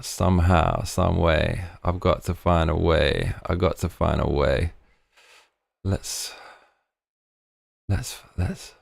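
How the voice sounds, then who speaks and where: A man hosting a live stream, talking casually and excitably, often trailing off into mumbles. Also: low-pitched, measured pace, creaky. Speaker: livestream host.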